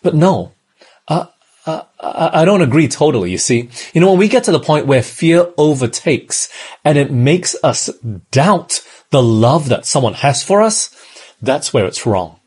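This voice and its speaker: A man's voice: on the high side, lively intonation, unhurried, a little mellow, slightly rough. A man from Australia, preaching a sermon in a conversational way and often checking in with the listeners. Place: church in Malaysia.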